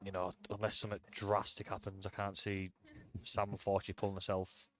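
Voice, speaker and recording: A man's voice: sits low, monotone, quick pace, a bit bright. Chatty man commentating powerlifting. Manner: chatty, hesitant restarts, reads attempts off screen. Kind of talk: live sports commentary, casual chat.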